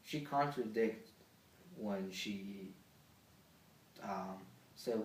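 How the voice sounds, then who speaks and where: A man's voice: on the low side, steady tone, a little slow, long pauses, recorded from a distance, slight background noise. A teenage boy telling a rambling, swear-filled story from school as a casual vlog, with many fillers. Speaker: vlogger. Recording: echoey room, off-mic.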